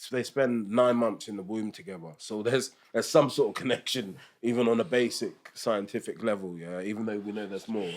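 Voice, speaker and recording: A man's voice: lowish voice, brisk, hardly any pauses. A young man, a podcast guest talking candidly about family in a rambling, self-interrupting way, laughing often.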